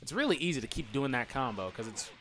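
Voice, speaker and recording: A man doing let's play commentary, excitable and yelling taunts at his opponents over faint game music. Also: medium pitch, fast talker. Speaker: gaming channel host.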